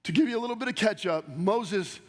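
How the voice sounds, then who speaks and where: A male pastor preaches with a strikingly high voice that pushes hard and fast. He keeps turning to the congregation with direct questions. His words ring out with a long reverb through a large church sanctuary. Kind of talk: sermon.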